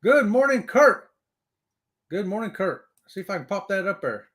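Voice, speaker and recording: A man's voice: high voice, big pitch swings, moderate pace, fairly bright tone. A man hosting a casual live stream, greeting viewers by name and reading their comments aloud in an upbeat, whooping way.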